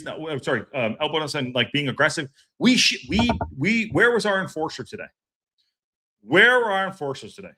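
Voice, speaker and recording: A man's voice: on the high side, bright, forceful tone. A man hosting a fan reaction stream, ranting, swearing and repeating himself. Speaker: fan podcast host.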